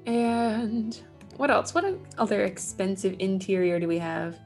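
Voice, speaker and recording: A woman's voice: mid-range voice, measured pace, a little mellow, faint music behind. A woman, likely in her thirties, giving casual let's play commentary, talking to herself with wry asides as she builds. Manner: chatty, wry self-talk while building. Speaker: gaming channel host.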